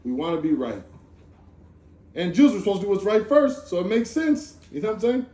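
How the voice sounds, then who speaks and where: Animated man preaching in an echoey room. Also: sits high, brisk. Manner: animated, conversational, slangy with asides. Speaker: speaker giving a Torah talk. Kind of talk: informal sermon. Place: Sukkot gathering in a room.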